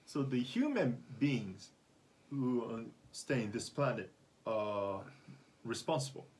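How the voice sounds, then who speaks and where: A man's voice: medium pitch, animated, slow, darkish tone. A Christian man co-hosting a casual talk on religion, mostly giving short answers and affirmations. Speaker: Christian co-host of religion discussion. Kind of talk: casual discussion.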